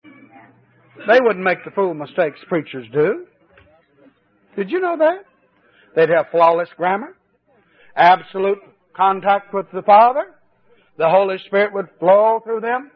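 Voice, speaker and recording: A man preaching a fervent sermon at a church service, his voice swinging between high exclamations and low, confiding asides. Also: expressive, unhurried, pauses often. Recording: tinny old cassette tape recording.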